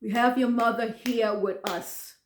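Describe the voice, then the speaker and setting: Woman playing a formal, calming man on the phone, polite, echoey room. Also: on the high side, measured pace, slight background noise, lightly acted. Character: polite male official on the phone.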